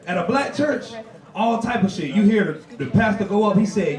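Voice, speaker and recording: A male stand-up comedian performing a loud, animated, profane set and often laughing at his own jokes. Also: sits high, normal speed, far from the mic. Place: comedy club stage with a live audience. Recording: echoey club recorded from afar, loud crowd.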